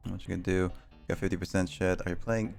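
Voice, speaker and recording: A young man in casual chat who tells stories haltingly, restarting often and filling pauses with hesitant sounds. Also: sits low, little pitch movement, creaky, darkish tone, soft background music.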